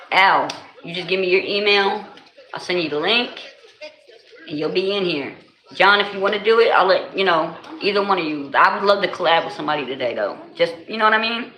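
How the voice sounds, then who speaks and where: A woman with a New Jersey accent chatting casually with viewers on her livestream, animated and laughing often, full of slang. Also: on the low side. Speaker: livestream host. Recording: echoey room with faint noise.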